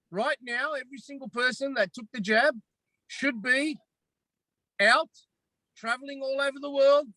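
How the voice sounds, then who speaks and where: Australian man, podcast guest: high, bright voice, measured delivery, hammers his points home. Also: no echo, poor audio. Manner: emphatic, repetitive, deliberate. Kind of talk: impassioned podcast talk.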